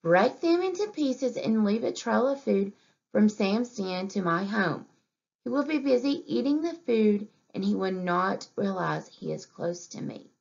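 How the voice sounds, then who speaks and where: A sly, hungry mongoose making a calm, persuasive offer, read by a woman. The voice is gravelly and the recording is muffled and lo-fi. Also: mid-range voice, a little slow. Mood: scheming. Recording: dull lo-fi recording.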